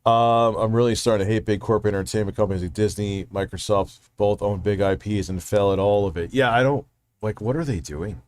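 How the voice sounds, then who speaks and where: A man's voice: lowish voice, brisk, a little mellow, no room sound. A man hosting a casual livestream, rambling and swearing freely while reading out chat messages. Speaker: livestream host.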